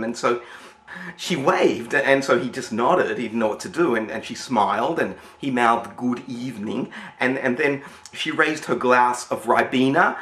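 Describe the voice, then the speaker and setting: A man's voice: medium pitch, sharp tone, reverberant. Rambling man telling a story. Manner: rambling, many restarts and repeated words. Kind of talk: spoken storytelling.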